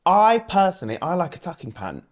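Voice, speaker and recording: A British man chatting as an interview guest, his pitch rising and falling in lively swoops. He laughs easily and keeps slipping into quick impressions of other people. His talk is loose and gossipy. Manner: chatty, animated, laughs often and mimics other voices. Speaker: guest drag performer. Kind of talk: casual interview chat.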